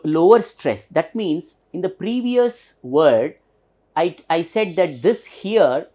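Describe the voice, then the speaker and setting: Slow, patient Indian English teacher. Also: male voice, a little high, a little mellow. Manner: patient, spells words letter by letter and repeats them for emphasis. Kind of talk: recorded pronunciation lesson.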